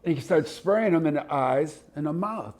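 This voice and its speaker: Older man, from Ohio, veteran interviewee, animated storytelling, slightly raised voice. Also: fairly high pitch, normal speed. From Ohio, USA. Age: older, 70s. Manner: animated anecdotes, acts out voices and sounds. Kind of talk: oral history interview storytelling.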